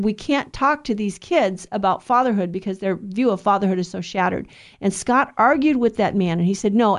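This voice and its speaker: A middle-aged woman giving an earnest, conversational religious talk, preaching with occasional restarts. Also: medium pitch. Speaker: Catholic speaker.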